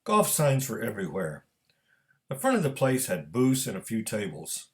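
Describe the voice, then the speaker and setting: A man reading his own story aloud in a measured narrating manner. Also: lowish voice, huge pitch swings, noisy background. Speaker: author and storyteller.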